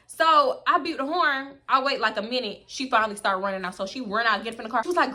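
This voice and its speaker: Young woman vlogger, bright and forceful voice, animated storyteller. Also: fairly high pitch, fast talker, few pauses. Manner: animated, sassy, acts out the characters in the story. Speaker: storyteller, channel host. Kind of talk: casual storytime vlog.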